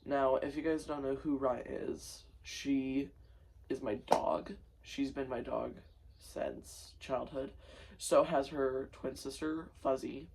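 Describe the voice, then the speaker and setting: A man's voice: mid-range voice, fairly even intonation, takes it slowly, creaky, a little mellow, husky, rough recording. A tired, sleep-deprived young man talking casually as a vlogger, subdued and rambling with fillers and restarts. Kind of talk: casual personal storytelling.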